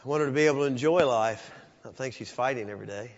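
Preaching man in a reverberant church. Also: quick pace. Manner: swings from loud preaching peaks to hushed low passages. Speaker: pastor. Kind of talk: sermon. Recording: dull sound with long church reverb.

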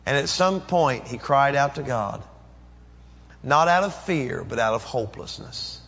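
A man's voice: mid-range voice, animated, measured pace, gravelly, a bit bright. A middle-aged male pastor preaching a sermon, dramatically acting out pleading prayers. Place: church. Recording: dull echoey church recording.

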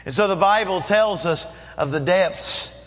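The dull, echoey church recording catches a middle-aged male pastor delivering a sermon in an unhurried manner. His voice sits high with a fairly bright tone, and he dramatically acts out pleading prayers.

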